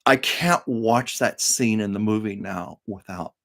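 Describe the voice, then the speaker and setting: A man's voice: lowish voice, measured pace, a bit bright. Chatty older man telling stories. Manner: chatty, laughs often, reads viewer comments aloud. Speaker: livestream host. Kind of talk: casual storytelling chat.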